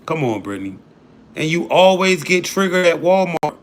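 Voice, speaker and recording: A man's voice: on the high side, sing-song, moderate pace. A man hosting a livestream, talking loosely and profanely to his chat in disbelief. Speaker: livestream host.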